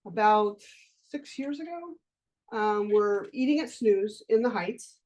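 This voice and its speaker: A woman's voice: mid-range voice, expressive, slow pace, darkish tone, muffled recording. Candid woman coaching a workshop. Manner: candid and conversational, with casual swearing. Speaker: life coach leading a workshop. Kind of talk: live workshop lecture with personal storytelling.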